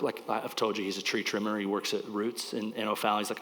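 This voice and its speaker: A man's voice: fairly low pitch, steady tone, brisk, hardly any pauses, fairly bright tone. A man in his forties, a pastor teaching in a casual, rambling way, at times choked up with emotion. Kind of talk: sermon, conversational teaching. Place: church. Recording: church hall with long reverb.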